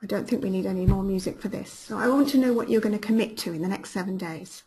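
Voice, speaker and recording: A woman coaching her audience through a webinar, her voice slightly husky and breathy. She sounds upbeat and encouraging and repeats her key questions to push listeners toward action. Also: medium pitch, dark tone. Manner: upbeat and encouraging, quick praise words. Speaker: business coach hosting a webinar. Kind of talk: live webinar talk, reading out listener comments.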